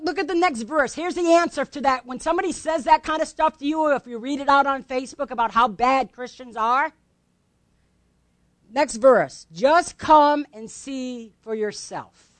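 A woman's voice: sits high, no room sound. A woman pastor preaching a sermon in a conversational way, often asking the congregation questions and laughing lightly.

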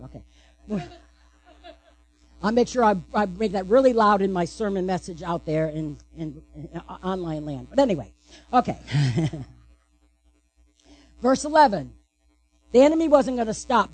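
A woman's voice: on the high side, a little mellow. A woman pastor giving a sermon, asking the congregation questions and answering them playfully.

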